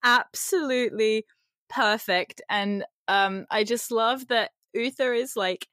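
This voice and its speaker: A woman's voice: fairly high pitch, slow pace, fairly bright tone, dry recording, clean studio sound. A woman co-hosting a casual chat show, talking loosely with lots of "like" and frequent laughter. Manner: chatty, lots of "like", laughs often. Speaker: podcast co-host.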